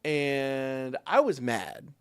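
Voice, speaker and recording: A man streaming live, telling a profane, animated story in a casual way. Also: mid-range voice, very slow, clean tone, no echo, clean studio sound, soft background music. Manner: profane, animated anecdote with quoted voices.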